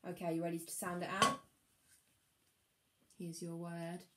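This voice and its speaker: A woman teaching a phonics lesson to young children, encouraging them and sounding out words slowly. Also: on the low side, completely flat delivery, roomy sound, very noisy. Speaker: primary school teacher.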